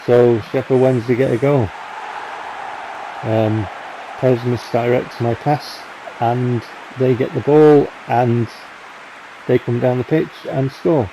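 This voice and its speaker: A man giving chatty voice-over commentary on football game highlights, rambling with self-mocking asides and lively calls on the big chances. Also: poor audio. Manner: excited calls on goals and near misses. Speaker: gaming channel host. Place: recorded voice-over while editing.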